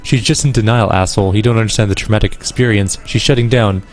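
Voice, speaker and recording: Guy reading out an angry foul-mouthed dock boss from a game, low voice, blunt. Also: steady tone, fast, natural voice. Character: furious, crude male dockworker leader.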